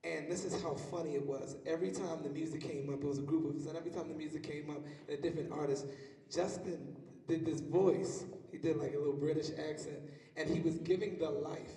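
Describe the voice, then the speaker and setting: A man's voice: on the high side, fairly even intonation, quick pace, mellow, far from the mic. Rambling man in an echoey hall. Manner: emotional, rambling with many restarts. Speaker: memorial service host. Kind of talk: heartfelt eulogy speech. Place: large hall at a memorial service.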